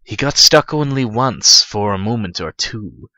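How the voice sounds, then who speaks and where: Slow, bright-voiced man reading a rhyming story. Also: on the low side, expressive, dry recording. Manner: profane, stumbling, laughing at himself. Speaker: reader. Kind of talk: comedic parody read-aloud. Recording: dull lo-fi dry recording.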